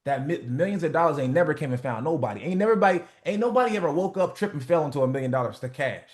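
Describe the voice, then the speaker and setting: A man coaching a group on a motivational call, animated and profane, acting out little skits. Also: on the high side, rapid-fire. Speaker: business coach.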